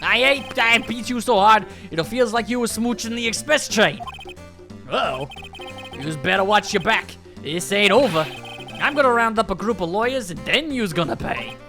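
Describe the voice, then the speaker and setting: A man voicing a brash young tough-guy biker in a shaky Brooklyn accent, with loud, swaggering threats over game music. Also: high voice, animated, normal speed, exaggerated voice. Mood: threatening. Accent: attempted Brooklyn.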